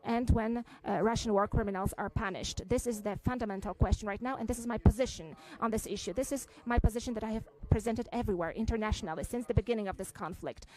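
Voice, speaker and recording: A woman giving a simultaneous interpretation at a press conference, halting, with frequent fillers and restarts. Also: a little high, poor audio.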